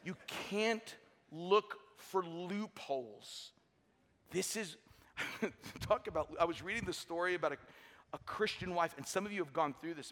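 A man's voice: on the high side, fairly bright tone. A middle-aged man preaching a sermon with energy and humor in a large church. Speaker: pastor. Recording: long hall reverb.

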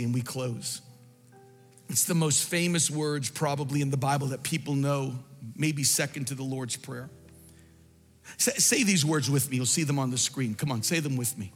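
A man preaching a sermon as pastor in a church, impassioned, swinging from shouts to quiet, hushed passages. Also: mid-range voice, normal speed, long reverb tail, faint music behind.

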